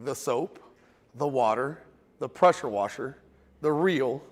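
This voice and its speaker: A man's voice: mid-range voice, slow, in a large hall. A man teaching a car detailing class to a live group in a casual, joking, storytelling way.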